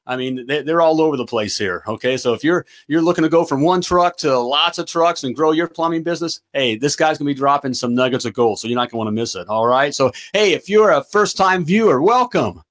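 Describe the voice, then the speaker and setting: An excitable man hosting a live plumbing business show, hyped up and stumbling over his words. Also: a little high. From United States. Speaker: host of a plumbing business livestream.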